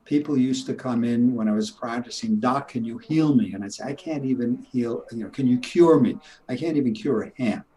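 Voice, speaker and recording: A man's voice: medium pitch, fairly quick, hardly any pauses, mellow, rough recording. An older man, a retired chiropractor, talking in an emphatic, preachy way in a casual interview. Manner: emphatic, preachy, laughs at his own points.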